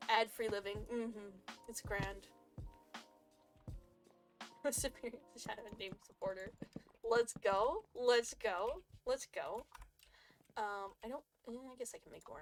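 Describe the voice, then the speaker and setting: A woman's voice: on the high side, fairly bright tone. Rambling, jokey woman streamer. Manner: rambling, jokey, laughs often. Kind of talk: casual chat.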